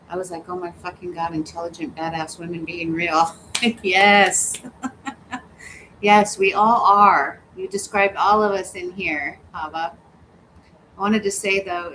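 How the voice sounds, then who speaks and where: Reading viewer comments aloud on a casual livestream, this woman laughs often and cusses without holding back. Her voice is fairly low in pitch, with background noise, and she's at home in hot weather.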